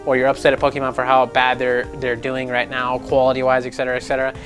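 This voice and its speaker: A young man hosting a casual gaming news vlog, animated and sarcastic, swearing freely and mocking people in put-on voices. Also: medium pitch, quick pace, soft background music. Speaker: gaming news channel host.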